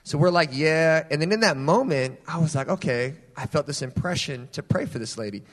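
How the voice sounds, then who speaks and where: A young adult man preaching a sermon, telling personal stories in a casual, animated way. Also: fairly high pitch, a little fast. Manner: animated storytelling, casual phrasing. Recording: long hall reverb.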